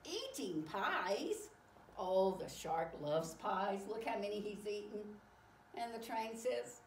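A woman reading a picture book aloud to children, exclaiming often in an animated way. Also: mid-range voice, a little hiss or hum. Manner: animated, exclaiming, slow and warm-paced. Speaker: storyteller. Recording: echoey room, far from mic.

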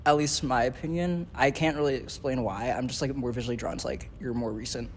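A man's voice: medium pitch, fairly even intonation, fairly quick, a little hiss or hum. A young man, an art student, talking casually in a studio, rambling with lots of "like" and dry teasing. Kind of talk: casual chat.

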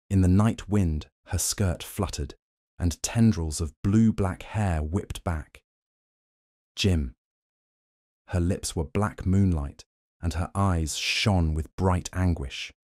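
A man narrating a science fiction short story as an audiobook, reading in a steady, even storytelling manner. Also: deep voice, dry recording, studio quality. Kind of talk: scripted narration.

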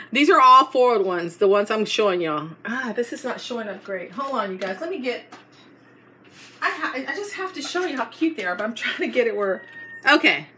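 A woman's voice: a little high, animated, normal speed, pushed and bright, slight background noise. A middle-aged woman, chatting and gushing as she shows a store haul in a casual vlog. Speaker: haul vlogger.

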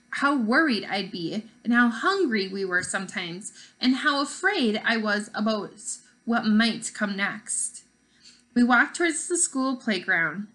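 A woman, a teacher, reading a children's novel aloud in an expressive way with varied pacing. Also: medium pitch.

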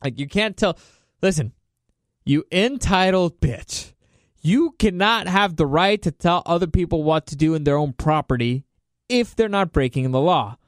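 A man's voice: fairly high pitch, normal speed, no echo, clean studio sound. A man hosting a solo podcast, ranting sarcastically with plenty of swearing and laughter. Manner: sarcastic, profane, mocking; animated, laughs often. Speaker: podcast host.

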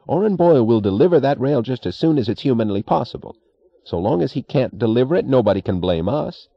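A man's voice: lively intonation, fast talker, creaky, no echo, dull audio. A man reading an audiobook voices a petulant, resentful middle-aged railroad executive with a whiny, defensive tone. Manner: whiny, defensive, raised pitch.

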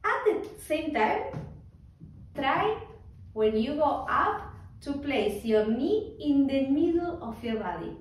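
A woman teaching a tango technique class, calmly talking students through an exercise, counting out the beats and checking in with "yes?". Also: high-pitched, slow pace. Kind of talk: slow spoken dance class instruction. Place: dance studio. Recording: roomy, distant studio sound with faint noise.

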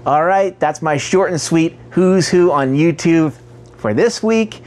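A man's voice: fairly high pitch, animated, measured pace, a little mellow. A man hosting a casual channel spotlight, chatty, who stumbles over words and corrects himself. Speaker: host.

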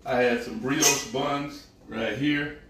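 A man's voice: mid-range voice, fairly even intonation, slow pace, background noise. A man with a Southern US accent hosting a live cooking show, chatting in a playful, folksy way. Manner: folksy, playful, drawling talk with y'all. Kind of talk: casual live cooking stream. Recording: echoey room, mic at a distance.

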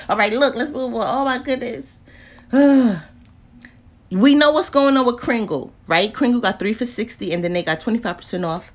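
A woman, chatting casually about deals in a lively vlog, with lots of exclaiming and laughing. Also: on the high side, moderate pace. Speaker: deals vlogger. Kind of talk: casual live chat.

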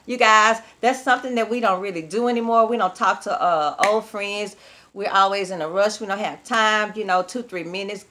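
A woman vlogging straight to camera in a loose, folksy way. She chats with viewers like old friends and laughs easily. Her voice sits at an ordinary middle pitch. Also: moderate pace, bright, forceful tone. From Texas. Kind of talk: casual chat to camera.

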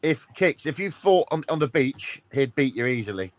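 A man's voice: medium pitch, sing-song, normal speed, no echo. Sweary man hosting a stream. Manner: rough, sweary banter. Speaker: streamer host. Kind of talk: casual live-stream chat.

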